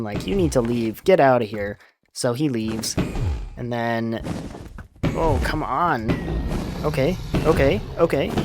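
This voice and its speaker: A man's voice: medium pitch, a little hiss or hum. A young man hosting a let's play, casually recapping a novel while muttering at the game he is playing. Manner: chatty, mutters at the game mid-story.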